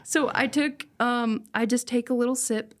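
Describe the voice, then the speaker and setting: A woman's voice: fairly high pitch, fairly even intonation, moderate pace. A young woman on a podcast, telling an emotional personal story in an earnest, casual way and laughing now and then. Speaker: podcast guest.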